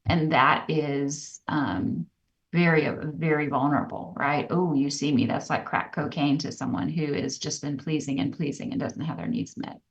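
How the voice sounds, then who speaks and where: A woman co-hosting a podcast, telling personal stories in an earnest, reflective way that turns animated. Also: sits low, moderate pace. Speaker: podcast co-host. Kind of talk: candid personal storytelling. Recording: dull, slightly distant podcast audio.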